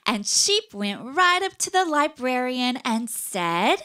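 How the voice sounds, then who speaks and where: A woman tells a children's puppet story in a bright, lilting voice. She speaks slowly and swoops her pitch widely for emphasis, leaning on key words. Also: big pitch swings. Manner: sing-song, exaggerated storytelling emphasis. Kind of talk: children's puppet show narration.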